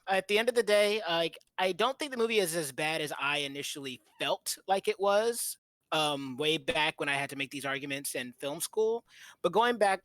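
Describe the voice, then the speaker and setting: Young man musing over a film, bright. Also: a little high, dry recording. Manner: rambling, thinking aloud with fillers. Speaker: podcast co-host. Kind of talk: casual film discussion.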